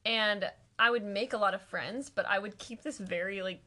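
A woman's voice: mid-range voice, moderate pace, pushed and bright. A young woman chatting casually with a friend, rambling with many fillers and frequent laughter. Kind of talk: casual chat between friends.

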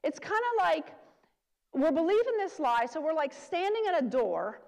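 A woman's voice: high-pitched, big pitch swings, normal speed, creaky, darkish tone. A woman preaching an earnest, encouraging sermon and speaking sample prayers aloud. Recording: long reverb of a large hall.

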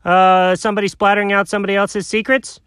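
Guy doing a prickly squirrel guy, pushy and defensive, voice kinda high. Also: little pitch movement, fast talker, fairly bright tone, clear, resonant tone, no echo, studio quality. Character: touchy male squirrel, secretive and prickly. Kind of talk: homemade comedy skit.

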